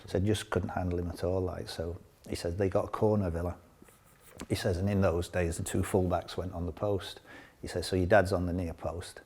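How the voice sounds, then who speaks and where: An older man tells long, rambling football stories in a relaxed interview. His voice sits low, and he often breaks into laughter between his tales. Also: moderate pace, breathy edge. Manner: rambling anecdotes with frequent laughter. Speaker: interview guest, former footballer. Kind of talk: casual storytelling interview.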